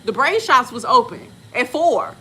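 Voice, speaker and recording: Woman, 40s, vlogger; slangy storyteller, lively swooping pitch. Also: normal speed, husky. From Texas. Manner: animated, laughs often, slangy. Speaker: vlogger and respiratory therapist. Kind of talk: casual storytelling chat.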